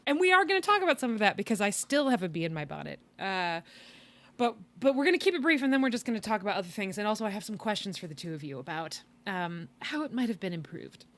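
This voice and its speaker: A woman's voice: mid-range voice, big pitch swings, fast, fairly bright tone. A woman hosting a podcast in casual chat, tired, wry and rambling, with sighs and laughs. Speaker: podcast host.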